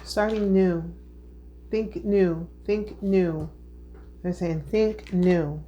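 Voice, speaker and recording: A woman's voice: mid-range voice, fairly even intonation, extremely slow, warm tone, dull audio, slight background noise. A woman giving a spiritual tarot reading, earnest and heartfelt, who repeats herself and keeps checking in with her listeners. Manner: emotional, heartfelt. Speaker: tarot reader.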